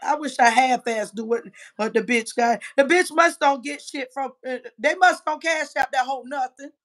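A woman in her fifties with a high-pitched voice, ranting on a livestream. She trash-talks in a combative, profane way, swinging between loud outbursts and muttered asides. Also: moderate pace. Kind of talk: heated livestream rant.

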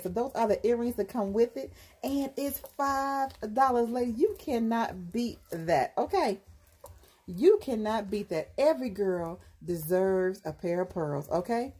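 A woman's voice: a little high, a little mellow, breathy edge. A woman hosting her own live jewelry sales show, sassy and chatty, laughing often and calling her viewers girl and honey. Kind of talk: casual live-stream sales pitch.

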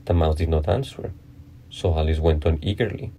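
A man reading a classic children's book aloud as narrator, in a measured, unhurried way. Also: very deep voice, mellow, a little hiss or hum. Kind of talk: storybook read-aloud.

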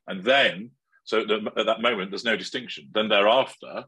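Deep husky man explaining calmly. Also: no echo, poor audio. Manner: measured, analytical explaining. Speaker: interview guest. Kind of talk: conversational interview.

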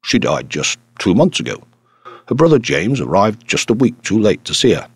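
A man's voice: lowish voice, sing-song, normal speed, slightly rough, exaggerated voice. A man voicing a stern, formal army colonel in an audiobook. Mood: firm. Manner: firm, formal. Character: stern military colonel, a father.

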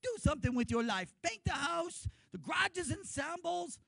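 A shrill nagging wife, as a male pastor puts her on. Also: lively intonation, normal speed, gravelly, no room sound, clean studio sound, exaggerated voice. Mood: scolding. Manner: shrill, scolding, shouting. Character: nagging frustrated wife, scolding her husband.

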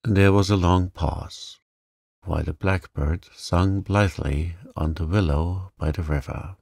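A man narrating a classic novel as a calm sleep story, in a soft, even way. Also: sits low, no echo, studio quality.

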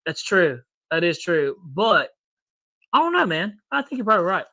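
A man with a high, bright voice co-hosts a live hobby podcast in an easygoing chat. He sounds upbeat and friendly, calling out viewers by name between jokes. The sound is dry and close. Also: big pitch swings, normal speed, dry recording. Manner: upbeat, greets viewers by name, laughs easily. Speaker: podcast co-host.

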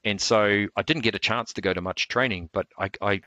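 A man tells stories at an easy, rambling pace. He stops and restarts often, with plenty of fillers. His voice sits low, and the sound is dry with almost no room echo. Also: fairly even intonation, brisk, bright, forceful tone. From New Zealand. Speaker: martial arts instructor. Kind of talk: relaxed storytelling interview.

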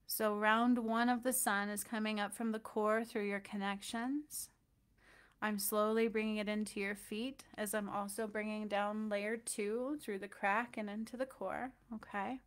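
A woman energy healer leading a guided healing meditation, talking softly and loosely with fillers and gentle check-ins. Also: medium pitch, fairly even intonation, a little slow, clear, resonant tone.

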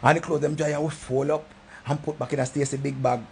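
Middle-aged Jamaican man, gravelly voice, rambling comic storyteller, drops low then erupts loud. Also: level tone, fast, a little hiss or hum. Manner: swings from low mutters to loud outbursts. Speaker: comedic storyteller.

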